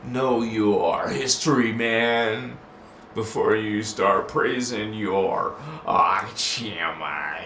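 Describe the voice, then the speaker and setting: A man's voice: on the low side, drawn-out words, pushed and bright. A man hosting a casual livestream chat, talking loosely with the audience, laughing often and slipping into chanted made-up words. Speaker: livestream host. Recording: roomy, with faint background hiss.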